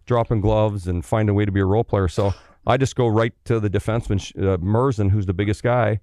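A middle-aged man from Canada, a former pro hockey player, telling stories in a casual, animated way, swearing freely and acting out the people he quotes. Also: lowish voice, fast talker, no room sound, clean studio sound. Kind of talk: casual storytelling.

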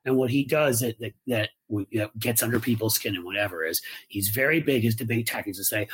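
A man's voice: mid-range voice, expressive, a little fast, hardly any pauses, a bit bright, husky. A man co-hosting a podcast, chatting casually and animatedly, mocking people in put-on voices. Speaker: podcast co-host. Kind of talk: casual political chat.

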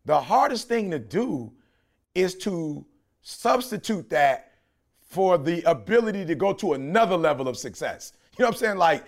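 A man's voice: high-pitched, creaky. A middle-aged man from Detroit, a podcast co-host talking in a passionate, preachy way. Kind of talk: casual podcast chat.

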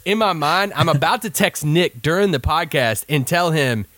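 A man's voice: on the high side, moderate pace, fairly bright tone, dry recording. A man from Kentucky co-hosting a sports podcast, telling stories in a loose, rambling way. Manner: rambling storyteller, lots of fillers and restarts. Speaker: podcast co-host. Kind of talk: casual sports podcast chat.

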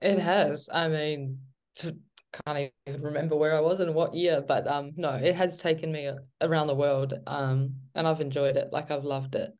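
At a moderate pace, a relaxed New Zealand woman with a low voice talks as a guest footballer in a casual interview, rambling with many fillers and "like." The recording's high frequencies are cut off.

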